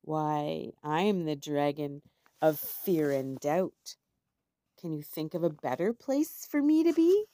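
Woman voicing a smug, booming male dragon, lower than her own voice. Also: lively intonation, takes it slowly, dark tone, no echo. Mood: taunting. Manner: booming, mocking. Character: gruff male dragon of fear and doubt.

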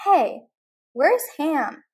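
An eager young boy, bursting with delight, as a woman reads him aloud. The voice sits high above her own and bounces loudly. It is a simple storybook read-aloud. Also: big pitch swings, very slow, exaggerated voice. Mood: excited.

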